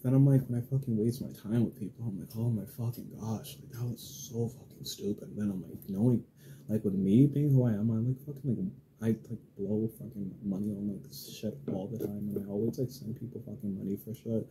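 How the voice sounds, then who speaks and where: A man's voice: lowish voice, brisk, a little hiss or hum, rough recording. A young man telling a dating story in a casual vlog, rambling with lots of fillers and swearing, acting out his own and others' lines. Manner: rambling, heavy use of filler and swearing, animated quoted dialogue. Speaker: vlogger.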